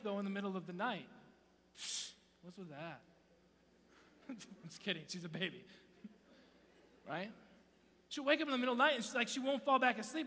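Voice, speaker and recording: A man in his thirties preaches with a bright, high voice, playful and quick to drop to a hush. His words ring out in a big hall with a long reverb and a faint hum underneath. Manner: playful, swings between loud and hushed. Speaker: youth speaker. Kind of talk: sermon. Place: church auditorium.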